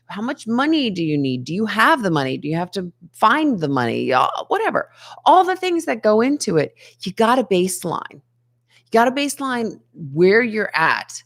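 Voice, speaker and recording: A woman's voice: mid-range voice, a bit bright. A woman hosting a daily self-help show, talking earnestly to the camera, asking rhetorical questions and laughing between points. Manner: earnest, conversational, asks many rhetorical questions. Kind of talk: motivational talk to camera.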